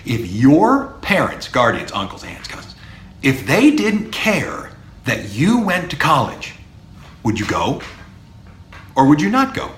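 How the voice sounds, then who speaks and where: Emphatic professor with a lively voice, echoey room. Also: male voice, medium pitch, slow pace. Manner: lively, emphatic, mimics imagined students. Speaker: university professor, podcast host. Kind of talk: solo podcast monologue to students. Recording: echoey room with faint ambience.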